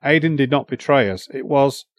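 A man reads a young soldier standing up to his father, earnest and steady, firm without shouting. His middle-pitched voice stays plain and even in a dry storybook recording. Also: moderate pace, no echo, close to an everyday voice. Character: young male soldier son, earnest and determined.

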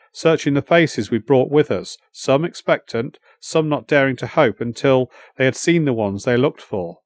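A man reading a first-person story as an audiobook narrator, in measured storytelling. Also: mid-range voice, dry recording, clean studio sound.

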